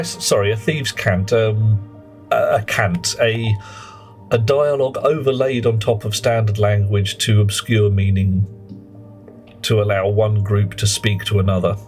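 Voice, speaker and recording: A man's voice: on the low side, a little slow, darkish tone, soft background music. A man streaming a game, chatting in a rambling, self-mocking way. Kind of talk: live gameplay commentary and chat.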